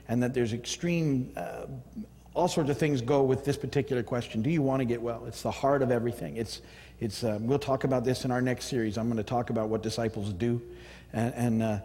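A pastor giving a casual, rambling sermon with chuckles and acted-out snippets of everyday conversation. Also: male voice, mid-range voice, darkish tone, long reverb tail. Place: church.

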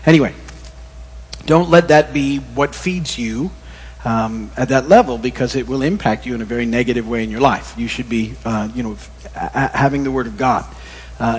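A middle-aged male pastor giving a relaxed, conversational sermon that wanders into corny jokes. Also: mid-range voice, slightly rough. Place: church. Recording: long reverb in a church hall.

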